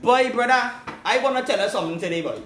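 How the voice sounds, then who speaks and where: High-pitched agitated man. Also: expressive, quick pace, fairly bright tone, echoey room, a little hiss or hum. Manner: agitated, repetitive. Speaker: live-stream host. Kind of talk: casual live call-in chat.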